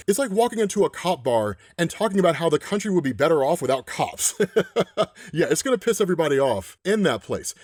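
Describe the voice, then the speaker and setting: A man recapping a comic for his channel, chatty and animated, often asking "right?". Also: fairly high pitch, no echo, studio quality. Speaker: comic book explainer.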